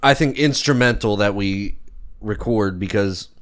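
Reflective man, calm co-host. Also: lowish voice, unhurried. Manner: agreeable, reflective, frequent "right" interjections. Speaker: podcast co-host. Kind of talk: casual chat.

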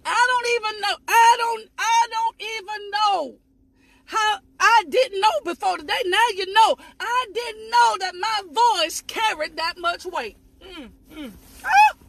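A woman preaching a fervent sermon, shouting, repeating phrases, letting out sudden high whoops, and talking straight to her listeners. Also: a little slow, creaky, a little hiss or hum. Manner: addresses listeners directly and asks them to repeat after her.

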